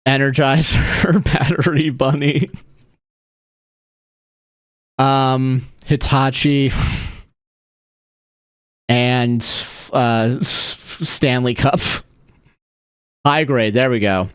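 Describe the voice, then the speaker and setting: A man's voice: mid-range voice, steady tone, drawn-out words, long pauses, smooth, no echo, clean studio sound. Rambling, swearing streamer guy. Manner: rambling, profane, laughs often. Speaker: livestreamer. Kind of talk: casual chat while streaming a game.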